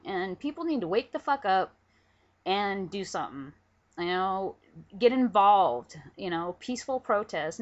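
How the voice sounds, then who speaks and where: A woman's voice: medium pitch, fairly bright tone. Cussing lady venting into her webcam at home, muffled lo-fi sound. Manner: angry, profane, emphatic. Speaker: vlogger. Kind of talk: ranting webcam vlog. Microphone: camera on a pillow. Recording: dull lo-fi webcam audio.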